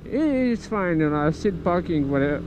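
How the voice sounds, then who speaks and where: This French motovlogger has a high, animated voice and speaks at an ordinary speed, chatting loosely on his motorcycle amid city traffic, fixing his own words and cursing without restraint. The helmet action cam gives a dull sound, swamped by engine and traffic noise.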